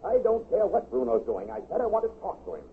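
A man's voice: high voice, big pitch swings, fast talker. An actor playing a stern, exasperated father in a 1950s radio drama, harsh and commanding. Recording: tinny, hissy 1950s radio broadcast.

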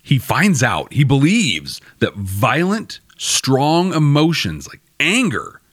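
Chatty man with a lively, dry voice. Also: medium pitch, slow, slightly rough, no echo. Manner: chatty and wry, laughing at his own jokes. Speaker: podcast host. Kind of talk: casual episode review narration.

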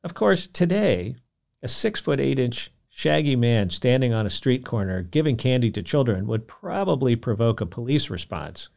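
Lively man narrating a documentary. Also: medium pitch, normal speed, gravelly. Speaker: podcast host.

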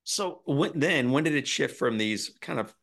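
Gravelly man hosting an interview. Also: mid-range voice, animated, normal speed, fairly bright tone. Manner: easygoing, conversational questions. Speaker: interview host. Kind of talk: interview questions.

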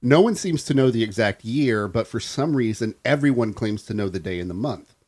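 A young man co-hosting a casual podcast, reading out a local legend in a relaxed way and laughing often. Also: mid-range voice, fairly quick. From Florida. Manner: laid-back, laughs often. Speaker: podcast co-host.

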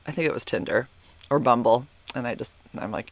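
A man hosting a podcast in casual chat, rambling and full of fillers, animated and quick to exclaim, speaking a little back from his microphone. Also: mid-range voice, vocal fry. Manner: animated, exclaims and laughs often. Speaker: podcast host. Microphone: podcast microphone, sitting a bit back from it.

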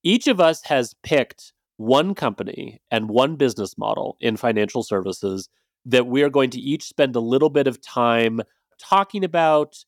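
A man's voice: medium pitch, animated, moderate pace, dry recording, clean studio sound. A man hosting a podcast in a casual, chatty way, with loose phrasing and hedging fillers. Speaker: podcast host.

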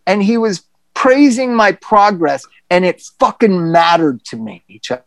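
A middle-aged person telling a personal story on a podcast in a candid, profane, animated way. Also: medium pitch, a little slow, no room sound. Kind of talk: casual storytelling chat.

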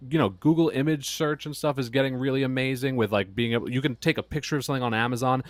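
A man thinks out loud in casual podcast conversation, circling his ideas with lots of "like" and "you know." His voice is an ordinary middle pitch. The recording is dry and close, with no room sound around it. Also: fast, no echo. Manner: rambling, filler-heavy musing. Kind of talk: casual chat.

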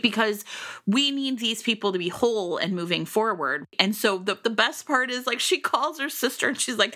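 A woman co-hosting a podcast, chatting casually about a book in an animated, rambling way with lots of fillers. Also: fairly high pitch, normal speed. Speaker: podcast co-host. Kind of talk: casual book-discussion chat.

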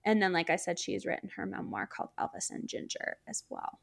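A woman's voice: on the low side, big pitch swings, brisk, gravelly. A woman co-hosting a podcast in casual chat, talking with many "like" fillers and light laughs. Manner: chatty, frequent "like" fillers, laughs while talking. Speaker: podcast co-host.

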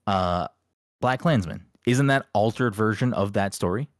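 A man's voice: on the low side, measured pace, no echo, clean studio sound. A man hosting a casual chat, hesitant and swearing often.

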